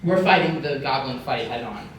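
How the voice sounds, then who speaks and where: A young man with a mid-range voice hosts a comedy panel at a convention, speaking a little fast in a deadpan, mock-conspiratorial manner packed with fillers. He is picked up by a room microphone from far off in a very echoey, noisy hall.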